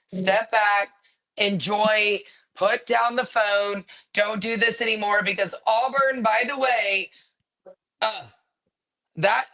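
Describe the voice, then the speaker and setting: A woman's voice: on the high side, creaky, pushed and bright, rough recording. A woman co-hosting a sports talk show, ranting with sarcasm and emphasis in casual chat. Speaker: podcast co-host.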